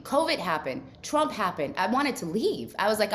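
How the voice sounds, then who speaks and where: A woman's voice: medium pitch, very animated, moderate pace, few pauses. A woman from Ukraine, a guest in a casual interview, speaking earnestly in long run-on thoughts.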